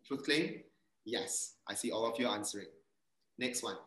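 A man's voice: mid-range voice, animated, moderate pace, a bit bright, reverberant, poor audio. A male pastor, giving an interactive sermon and quizzing his congregation. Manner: asks the congregation questions and reads their answers aloud. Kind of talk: interactive sermon with online quiz.

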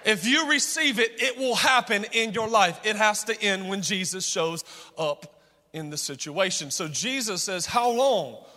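A man's voice: high-pitched, measured pace, pushed and bright. A male pastor preaching a sermon, calling on the congregation to respond. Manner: preaching with call-and-response, impassioned. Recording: long hall reverb.

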